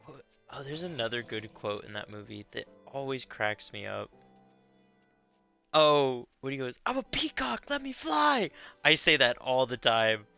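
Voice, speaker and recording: Bright, giggly male streamer. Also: medium pitch, unhurried, gravelly, clear, resonant tone, faint music behind. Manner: giggly, laughs often between lines. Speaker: gaming streamer. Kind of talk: casual chat while gaming.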